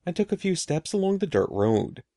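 A man reading a children's story aloud in an expressive, animated way. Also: on the high side, normal speed, no echo, studio quality. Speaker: narrator.

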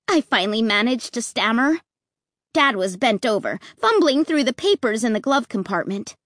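A woman narrating a children's horror story in the first person with an expressive, suspenseful delivery. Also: a little high, moderate pace, dry recording, studio quality. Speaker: audiobook narrator.

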